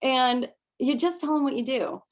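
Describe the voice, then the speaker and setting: A woman's voice: mid-range voice, normal speed. A woman presenting a casual workshop over a video call, laughing often and restarting her sentences as she coaches. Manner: chatty, laughing, many restarts.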